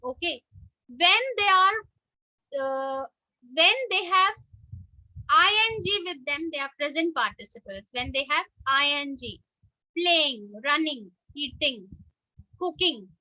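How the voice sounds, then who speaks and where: A woman teacher with an Indian English accent, giving an online class lesson slowly and answering her own questions. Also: high-pitched, animated, pushed and bright, no echo. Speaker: school teacher. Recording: dull lo-fi sound.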